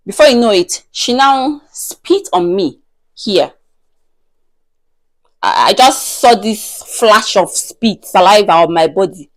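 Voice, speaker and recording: A woman's voice: medium pitch, big pitch swings, takes it slowly. A woman, telling a personal story in a casual, chatty way, full of "like". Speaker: vlogger.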